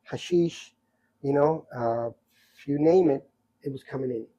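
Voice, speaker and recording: A man in his sixties telling rambling, animated stories from his youth in a casual podcast chat. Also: medium pitch, a little slow, slightly rough, poor audio. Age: 60s. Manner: rambling, animated anecdotes with many asides. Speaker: podcast guest storyteller. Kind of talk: casual storytelling.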